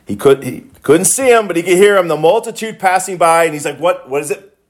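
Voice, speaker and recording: Man preaching with dramatic pitch swings. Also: animated, a little fast. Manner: dramatic, climbs from low murmurs to high shouted cries. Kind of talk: sermon.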